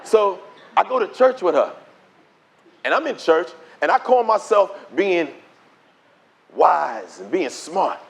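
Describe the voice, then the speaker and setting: A middle-aged man giving his testimony as a preacher, telling the story in an animated way and acting out the dialogue. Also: high-pitched, slow, gravelly, long pauses. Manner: animated storytelling, acts out dialogue in quoted voices. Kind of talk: preached testimony to a conference audience.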